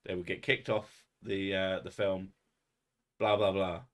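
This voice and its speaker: A man's voice: deep voice, level tone, unhurried, fairly bright tone. Sweary, rambling man streaming. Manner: rambling, sweary and self-mocking. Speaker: streamer hosting a live chat. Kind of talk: casual live-stream chat.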